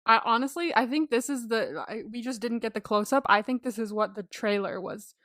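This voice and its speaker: A woman co-hosts a casual recap podcast in a somewhat high voice, reacting loudly and laughing often. Her voice is recorded dry and close, with no room sound around it. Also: brisk, no room sound. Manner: expressive, laughs often, emphatic exclamations. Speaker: podcast co-host.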